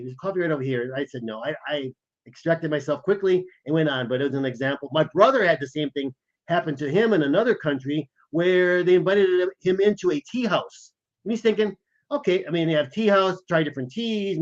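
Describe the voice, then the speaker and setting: A man co-hosting a podcast, telling a travel story in an animated way and acting out what people said. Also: on the high side, muffled recording. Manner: animated, acts out the quoted lines. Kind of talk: casual storytelling chat.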